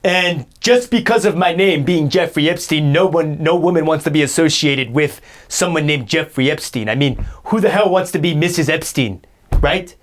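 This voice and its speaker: A man's voice: a little high, moderate pace, close to an everyday voice. A man playing a whiny, self-pitying braggart. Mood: indignant. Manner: rambling, indignant comic complaining. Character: boastful, self-pitying man cursed by his name. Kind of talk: improvised comedy sketch.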